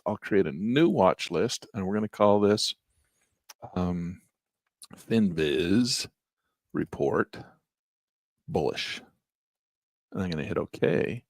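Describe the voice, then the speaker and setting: A trading instructor with a low, gravelly voice casually guides viewers through a live trading lesson. He thinks aloud as he clicks through charts and chats to his audience, recorded at studio quality with no echo.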